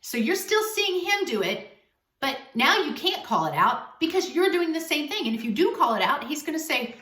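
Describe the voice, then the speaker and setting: A woman relationship coach talks straight to camera in an emphatic, animated vlog style. Her voice sits fairly high and sounds crisp and bright. She is recorded from a distance in an echoey room. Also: moderate pace. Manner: emphatic, animated advice-giving. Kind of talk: direct-to-camera advice vlog.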